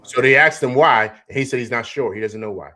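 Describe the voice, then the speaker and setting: A man's voice: medium pitch, fast, bright, forceful tone. A man hosting a casual live sports talk stream, loose and chatty, repeating himself, laughing often and reading out viewer comments. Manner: reads out chat comments. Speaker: sports talk show host.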